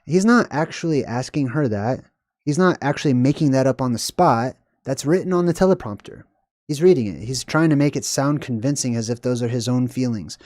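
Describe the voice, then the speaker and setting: Male vlog host, mid-pitched, dry and close, irritated conversational ranter. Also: fairly quick, a little mellow, no echo. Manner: irritated, ranting, swears freely; conversational, talks straight to viewers. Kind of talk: casual commentary vlog.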